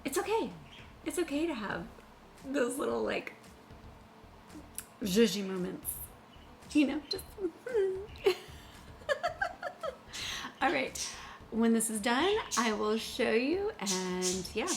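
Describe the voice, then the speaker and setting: A woman's voice: on the high side, sing-song, takes it slowly, gravelly, long pauses, a little hiss or hum. A middle-aged woman hosting a baking podcast from her kitchen, chatting casually, giggling often and rambling with lots of fillers. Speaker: podcast host. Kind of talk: casual chat while baking.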